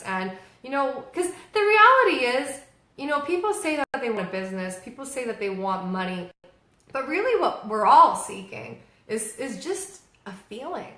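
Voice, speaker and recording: A woman co-hosting a casual chat about online marketing, animated and often acting out what other people say. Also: on the high side. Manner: animated, acts out quoted people. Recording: echoey room.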